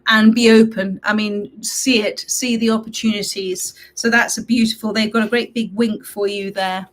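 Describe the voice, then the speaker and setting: A woman with a croaky voice giving a live tarot reading from home, gentle and affectionate with her viewers. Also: a little high. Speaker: tarot reader hosting a live stream. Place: at home, reading from a computer late at night.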